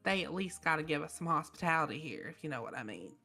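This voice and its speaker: A woman's voice: low-pitched, expressive, fast, sharp tone, soft background music, exaggerated voice. A woman voicing a cheeky, chatty adventurer who demands tea and pies.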